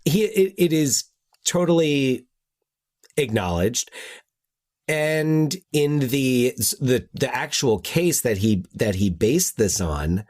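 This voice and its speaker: A man's voice: medium pitch, animated, takes it slowly, darkish tone. A man hosting a podcast in casual chat, thinking aloud with frequent restarts. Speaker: podcast host.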